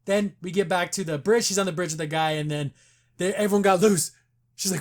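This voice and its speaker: A man hosting a podcast, chatting casually and excitedly about an episode and acting out the characters' lines as he retells scenes. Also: high-pitched, fairly quick. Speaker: podcast host. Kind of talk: casual episode recap chat.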